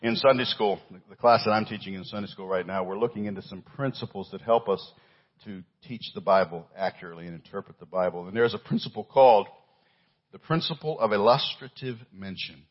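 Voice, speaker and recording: A man preaching a sermon as pastor, swinging between loud stressed lines and hushed low phrases. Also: fairly quick, muffled recording.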